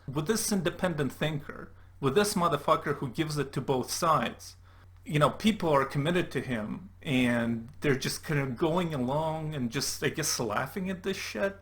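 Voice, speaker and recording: Male YouTuber, ranting commentary, profane and incredulous, slightly high voice. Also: normal speed, fairly bright tone. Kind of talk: commentary rant.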